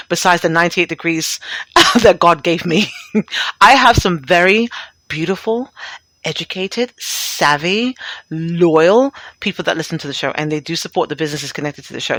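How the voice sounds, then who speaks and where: A woman's voice: on the low side, a bit bright, no echo. A middle-aged woman hosting a talk radio show, chatting bluntly and profanely and laughing often as she reads and riffs.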